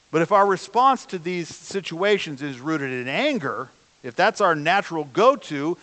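A man's voice: fairly high pitch, fairly bright tone, big-room sound. A man preaching a sermon as pastor, in a conversational way, often putting questions to the congregation. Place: church sanctuary.

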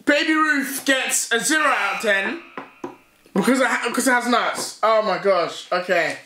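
A young British man on a casual taste-test vlog, reacting loudly and with excitement. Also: very high-pitched, normal speed, background noise. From United Kingdom. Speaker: YouTuber. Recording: echoey room with loud music.

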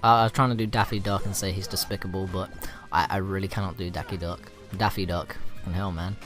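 A man's voice: low-pitched, flat delivery, quick pace, a bit bright. A young man casually commentating his gameplay, rambling and swearing, easily riled. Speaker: let's play gamer. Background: game music.

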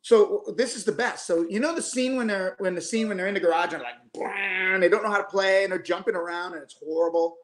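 A man in his fifties, a guest musician, telling animated anecdotes casually over a video call, with frequent restarts. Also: high-pitched, a little fast, few pauses. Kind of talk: casual storytelling. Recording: echoey room.

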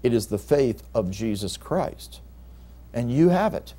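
A male pastor delivers a Bible teaching sermon in a mellow, warm voice at a middling pitch. He reads scripture aloud and leans hard on key words, climbing up for emphasis. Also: expressive, a little slow.

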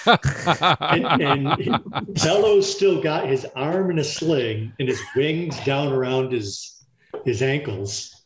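A man's voice: mid-range voice, slow, fairly bright tone. A man chiming in from the table during a tabletop game, speaking from away from the mic. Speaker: player. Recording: roomy, faint noise.

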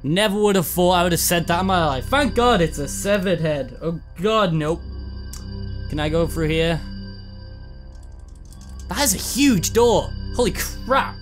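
High-pitched guy freaking out playing a horror game, swears a lot, says the same word over and over. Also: animated, measured pace, pauses often, music in the background. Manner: nervous, swearing, repeats words in panic. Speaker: let's play gamer. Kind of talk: jumpy horror game commentary.

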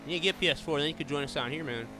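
Over a noisy background, a man with a slightly high voice talks rapid-fire while streaming a racing game. He chats with viewers and friends and exclaims often, giving live gameplay commentary.

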